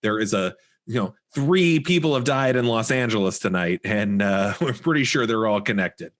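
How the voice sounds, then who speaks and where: A man co-hosting a podcast, recapping a film in relaxed casual chat with many fillers. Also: lowish voice, normal speed. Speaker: podcast co-host.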